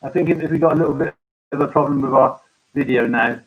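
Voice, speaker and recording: Man, farmer host, halting casual live-stream chat, somewhat husky, dull lo-fi audio. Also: on the high side. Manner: halting, full of ums and restarts.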